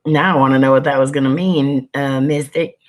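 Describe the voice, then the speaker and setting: A man hosts a casual livestream, chatting with viewers and greeting them by name while sniffling now and then. His mid-range voice is brisk with fairly even intonation.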